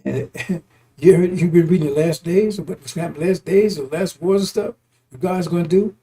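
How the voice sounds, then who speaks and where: A man's voice: high-pitched, fairly quick, warm tone. A man giving informal, emphatic preaching on scripture. He repeats himself, chuckles often and swears freely. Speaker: religious teacher.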